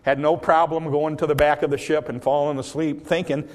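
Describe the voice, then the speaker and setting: Folksy preacher, higher-pitched man. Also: level tone, brisk, few pauses. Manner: folksy storytelling with frequent fillers and restarts; bursts into loud dramatic quotes. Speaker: pastor. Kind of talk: sermon.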